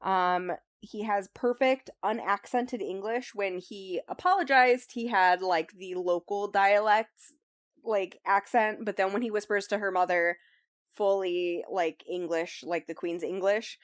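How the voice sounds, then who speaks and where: A woman's voice: mid-range voice, a little slow, dry recording, studio quality. A young woman hosting a book club, casually recapping a novel in a chatty way with lots of fillers. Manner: chatty, filler-heavy recap with frequent ums and likes. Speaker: book club host summarizing the book. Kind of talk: casual chat.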